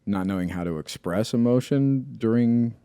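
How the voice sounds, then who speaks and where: A young man co-hosting a podcast, reacting with quick interjections and thinking his ideas through out loud. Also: mid-range voice, clear, resonant tone, no room sound, studio quality. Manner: reacts with laughs and short interjections, then lays out his guesses thoughtfully. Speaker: podcast co-host. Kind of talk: casual chat.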